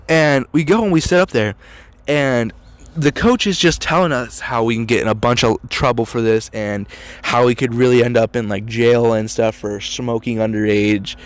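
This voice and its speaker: Teen dude rambling thru a story, says like a lot, dry close sound. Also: male voice, mid-range voice, expressive, fairly quick, no echo. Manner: rambling, heavy use of "like" and "dude". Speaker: storytelling vlogger. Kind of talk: casual storytelling.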